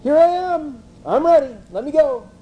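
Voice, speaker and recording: A man's voice: very high-pitched, lively intonation, normal speed, dark tone, slight background noise, voice pushed up, low-quality recording. A man putting on an eager bragging teen boy. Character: naive boastful teenage boy dreamer.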